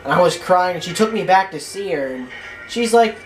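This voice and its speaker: A gameplay commentator telling a rambling, animated story while playing, acting out quotes in a raised voice. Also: mid-range voice, brisk, faint music behind. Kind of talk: casual storytelling over gameplay.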